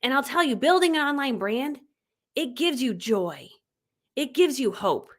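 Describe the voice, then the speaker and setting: A woman's voice: high-pitched, big pitch swings, unhurried. A woman in her forties giving a chatty, enthusiastic coaching talk on a livestream. She laughs often and acts out quotes. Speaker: online business coach. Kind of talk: live-streamed coaching talk.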